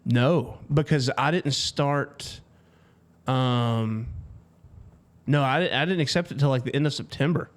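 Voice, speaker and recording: An American man with an ordinary mid-range voice co-hosts a casual podcast. He chats easily, telling stories with quick asides. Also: medium pitch. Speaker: podcast co-host. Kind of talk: casual chat.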